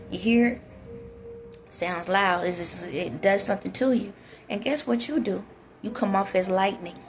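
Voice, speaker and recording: A woman's voice: mid-range voice, vocal fry, darkish tone. A woman vlogger giving relationship advice, talking bluntly and directly to her viewers in a casual way.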